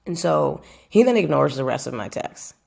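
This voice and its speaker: A young woman, a footballer describing her own career, tells a casual vlog story in a low, gravelly, fry-laced, darkish voice. Very animated and at normal speed, she addresses viewers directly and chattily, emphatically repeating phrases to drive points home.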